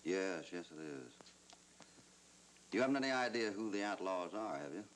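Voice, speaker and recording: An actor playing a steady, easygoing cowboy hero with a wry edge in a 1940s Western film. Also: male voice, low-pitched, moderate pace, slight background noise, poor audio. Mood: calm.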